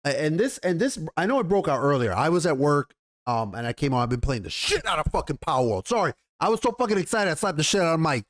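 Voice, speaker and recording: A man's voice: fairly high pitch, very animated, fast. Profane, ranting male commentary host. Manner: profane, heated, rambling with restarts.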